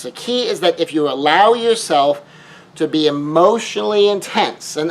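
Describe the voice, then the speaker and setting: A man's voice: high voice, poor audio. A man lecturing on grief in an emphatic way, repeating key phrases and asking the listener rhetorical questions. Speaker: grief speaker.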